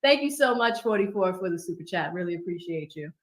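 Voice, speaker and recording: A woman's voice: lowish voice, lively intonation. Chatty woman livestreamer in an echoey room. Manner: chatty, upbeat, quick asides. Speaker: livestream host. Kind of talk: casual livestream chat reading super chats.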